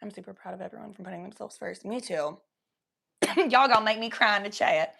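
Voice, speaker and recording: A young woman from Cincinnati, talking in a put-on Southern drawl during a casual livestream chat, crude and rambling, high and coughing now and then. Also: fairly quick, vocal fry, fairly bright tone, breathy edge. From Cincinnati, Ohio.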